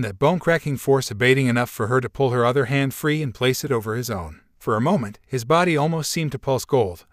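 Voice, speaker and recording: A man reading fan fiction aloud at an even, measured storytelling pace. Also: medium pitch, no echo, studio quality. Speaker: fanfiction reader.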